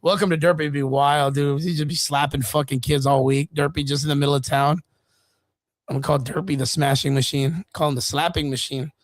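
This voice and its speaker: A man's voice: on the high side, flat delivery, brisk, no room sound. A man co-hosting a casual streamed chat show, joking loosely and swearing, with lots of "dude" and "bro". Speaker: podcast co-host. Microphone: streaming mic.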